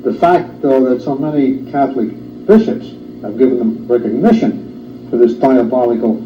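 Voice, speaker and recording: A man speaking as a guest in a studio discussion, halting with many filler sounds and an indignant tone. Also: mid-range voice. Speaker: talk show guest. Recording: roomy, distant, dull old studio tape with faint hiss.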